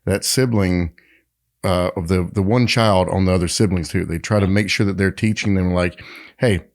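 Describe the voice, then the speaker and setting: A man's voice: deep voice, moderate pace. A man co-hosting a podcast, telling stories in casual chat with many fillers and restarts. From Tennessee, United States. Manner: animated storyteller, frequent fillers and restarts. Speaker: podcast co-host.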